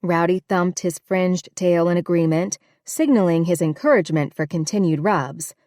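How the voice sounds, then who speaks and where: A woman narrating an audiobook with a steady, even reading. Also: lowish voice, moderate pace, no room sound, studio quality. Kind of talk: scripted narration.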